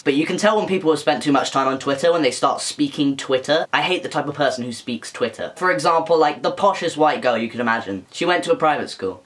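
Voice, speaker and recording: A man's voice: fairly high pitch, a bit bright. Sweary exasperated young English man ranting. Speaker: YouTuber. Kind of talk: casual rant to camera.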